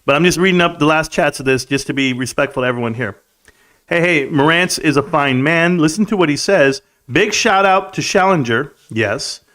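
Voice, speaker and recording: Man, livestream host, casual chat from home, slightly high voice, easygoing, laughs a lot. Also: a bit bright. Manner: laid-back, chummy, laughs often, calls people bro. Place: room at home.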